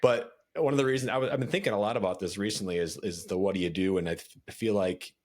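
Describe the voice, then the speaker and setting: A man's voice: fairly low pitch, fast, darkish tone. A man hosting a podcast, asking probing questions in a conversational way. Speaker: podcast host.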